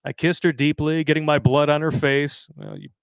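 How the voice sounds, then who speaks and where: A man's voice: on the high side, fairly even intonation, moderate pace, gravelly, clean tone, no echo. A man hosting a live show, reading a story aloud in a crude, jokey way and laughing often. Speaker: podcast host reading a listener story. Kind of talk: casual live-stream chat.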